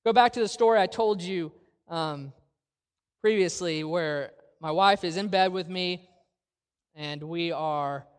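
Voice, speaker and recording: A male preacher delivering a sermon in a church sanctuary, his voice sitting high for a man. He asks the congregation question after question and slows right down to stress a point. The sound carries a long reverb from the large hall. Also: clear, resonant tone. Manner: earnest, with rhetorical questions and slow emphatic phrases.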